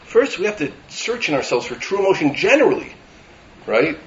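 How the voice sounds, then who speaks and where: Animated rabbi giving a sermon. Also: male voice, fairly high pitch, brisk, lo-fi sound, a little hiss or hum. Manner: animated, rising to emphatic lists.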